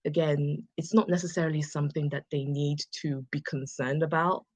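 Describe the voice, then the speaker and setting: Speaking at a moderate pace in a low, darkish voice with flat delivery, a woman from England with a Southern English accent tutors English over a video call. Her online chat is casual, chatty and reassuring, with playful mock voices. The recording is dry.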